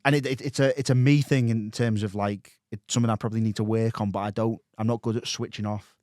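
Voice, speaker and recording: A man's voice: on the low side, fairly even intonation, fast, a little mellow, no echo, studio quality. A man, chatting casually as a podcast guest, rambling with many restarts and fillers.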